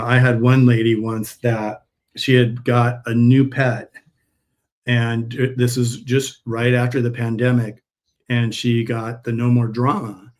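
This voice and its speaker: A man's voice: mid-range voice, a little mellow. A man chatting casually on a live stream while packing orders, telling rambling stories in a friendly sales manner. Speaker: herbal pet supplement seller.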